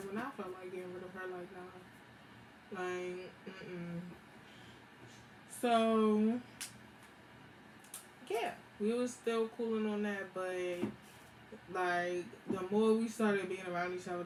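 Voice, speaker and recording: A young woman, telling a story in a slangy, animated, casual way with frequent laughs. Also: fairly low pitch. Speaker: vlogger. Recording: echoey room with background noise.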